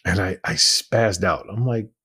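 A man's voice: low-pitched, unhurried, bright, forceful tone, breathy edge. A man on a podcast, telling his personal story in a candid, emphatic way. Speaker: podcast guest.

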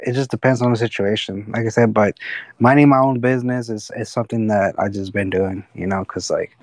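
A man's voice: lowish voice, steady tone, fairly quick, no room sound, poor audio. A man telling stories in a casual podcast chat, rambling with restarts and cursing. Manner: rambling, restarts and fillers, profanity.

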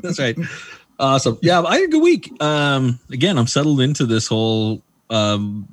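A man's voice: mid-range voice, moderate pace, dry recording. A man co-hosting a podcast, telling a home story in casual chat and laughing through it. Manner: animated, laughs through his stories. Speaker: podcast co-host.

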